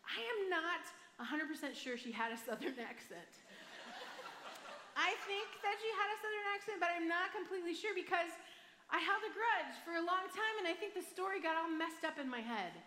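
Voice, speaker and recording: A woman's voice: very high voice, animated, fairly quick, bright, forceful tone, slight background noise. A woman pastor with a Michigan accent preaching a sermon, telling a personal story in a chatty, self-deprecating way with frequent asides. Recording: roomy hall reverb.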